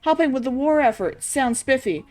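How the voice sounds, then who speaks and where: A woman's voice: sits high, lively intonation, normal speed, a little mellow, voice pushed up. A woman voicing a blustering, eccentric old army brigadier with a shaky put-on posh British accent while reading game dialogue on stream.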